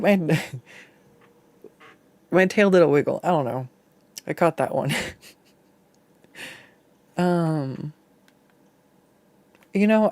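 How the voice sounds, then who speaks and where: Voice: medium pitch, creaky, a little mellow, dry recording. A VTuber art streamer chatting casually while drawing, rambling and laughing often, and swearing freely when annoyed. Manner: self-deprecating, laughs often.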